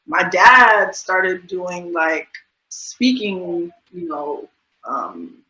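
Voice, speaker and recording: A woman in her thirties from the USA talks in a bright, forceful voice that sits low, speaking casually as an interview guest. She chats freely with lots of fillers. The recording is dull and lo-fi with a roomy echo. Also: animated, drawn-out words. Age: 30s. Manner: chatty, many fillers and laughs.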